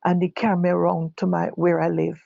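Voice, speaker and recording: Gravelly Jamaican woman telling her story. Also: lowish voice, monotone, narrow, tinny audio, noisy background. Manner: halting, repeats and corrects herself while quoting others. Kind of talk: personal testimony told live.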